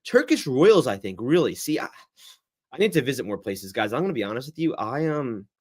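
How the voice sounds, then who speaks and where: A young man hosting a casual livestream Q&A, rambling and reacting to the chat in a lively, chatty way. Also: medium pitch, brisk. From United States. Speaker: livestream host.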